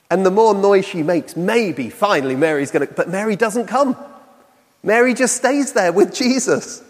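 Man, sermon, conversational preacher, rhetorical questions, slightly higher voice, long hall reverb. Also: moderate pace.

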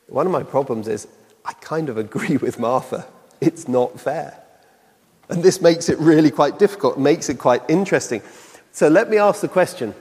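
A man's voice: on the high side, breathy edge, long reverb tail. A man preaching a sermon in a conversational way, often putting rhetorical questions to the listeners.

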